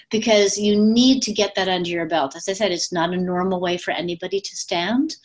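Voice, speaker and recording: A woman speaking coach talking casually to her camera at home, with lots of fillers and quick demonstrations of different voices. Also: fairly low pitch. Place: at home with pets. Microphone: webcam.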